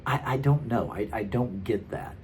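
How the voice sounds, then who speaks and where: A man's voice: lowish voice, moderate pace, slight background noise. A man in his thirties, a former pastor, telling his story casually and rambling with many fillers. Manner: chatty and rambling, many fillers and restarts, frequent laughs.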